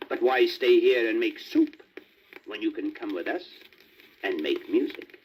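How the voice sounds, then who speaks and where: A man's voice: on the low side, lively intonation, unhurried, darkish tone. A man voicing a kindly, hopeful old male donkey who talks in a friendly, encouraging way, on a muffled old vinyl record with faint static.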